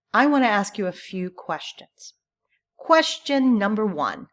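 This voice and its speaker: A woman from the United States teaching English through a poem, speaking slowly and clearly and encouraging learners to repeat after her. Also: medium pitch, fairly bright tone. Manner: slow, clear and encouraging, modelling pronunciation.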